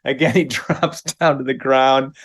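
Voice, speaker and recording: Man in his 50s, lively storyteller. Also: unhurried. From Minnesota, USA. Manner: lively anecdote, acts out the other voices with big pitch jumps, chuckles. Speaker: guest, comedy actor. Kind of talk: casual storytelling.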